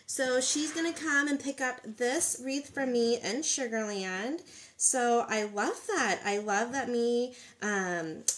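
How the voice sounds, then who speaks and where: Woman, friendly craft-stream host, higher voice, slight noise under her. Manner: chatty, upbeat, greets viewers by place. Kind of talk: live-streamed craft tutorial, greeting viewers. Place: home craft table.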